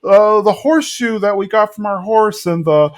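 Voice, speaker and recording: A man voicing a sentimental middle-aged wife in a raised, falsetto-ish voice. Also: moderate pace, lightly acted. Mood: wistful.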